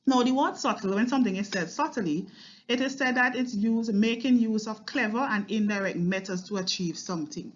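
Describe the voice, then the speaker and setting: A woman's voice: on the high side, a little fast, highs cut off. A woman teaching a recorded exam-prep poetry lesson, explaining line by line and often checking in with "okay?". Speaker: English literature teacher.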